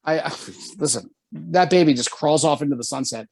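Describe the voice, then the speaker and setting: A man telling a story on a casual podcast, animated and swearing often, jumping high when quoting himself. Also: normal speed, creaky. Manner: animated, swears often, jumps to high pitch for quoted lines. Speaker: podcast co-host.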